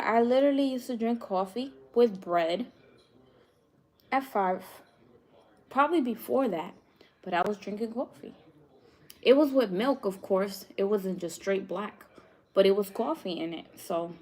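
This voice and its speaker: A woman's voice: mid-range voice, a little mellow. A young woman with a New York accent, chatting casually with live viewers as a cooking vlogger, laughing often. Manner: laughs often, chatty, drawn-out slow speech.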